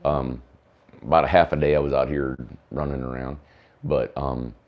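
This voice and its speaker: A man, hoarse from a sore throat, hosting a casual livestream chat and rambling with many fillers. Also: rumbling low, flat delivery, normal speed, lo-fi sound. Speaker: host of a tiny homes livestream.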